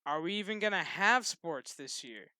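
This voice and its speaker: A man with a high, bright voice rants at length, loose and profane, chuckling between thoughts. His voice comes through smooth and clear on a dry, close recording. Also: expressive, normal speed, no room sound. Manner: loose, swearing, laughing. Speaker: channel host. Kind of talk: casual rant to camera.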